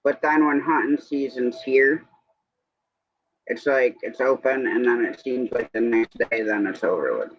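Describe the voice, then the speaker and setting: A man hosting a relaxed livestream chat, wandering from one everyday topic to the next. His voice sits at an ordinary middle pitch. The sound is dull and lo-fi, like stream audio. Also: unhurried. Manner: rambling, chatty, drifts between topics. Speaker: livestream host. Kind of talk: casual evening chat.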